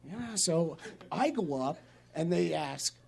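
A man in the guest seat spins a comic anecdote. His pitch swings widely and lands punchlines with a laugh. He sounds casual and conversational. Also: expressive, slow, creaky, a crowd in the background. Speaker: guest comedian. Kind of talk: casual storytelling.

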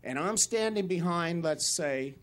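Animated man telling a comic story. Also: a little high, unhurried. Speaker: guest comedian. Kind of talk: casual storytelling.

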